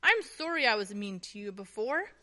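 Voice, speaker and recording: A woman voicing a gruff, grumpy boy bully in a children's storybook reading, in a lower, grumbling voice. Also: big pitch swings, normal speed, pushed and bright. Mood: sheepish.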